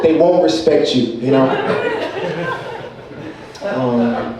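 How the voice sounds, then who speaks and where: A man's voice: fairly high pitch, moderate pace, heavy background noise. A man with a New Jersey accent doing a stand-up set, laid-back, chuckling between lines. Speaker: stand-up comic. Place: comedy club with audience. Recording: echoey club recorded from far off.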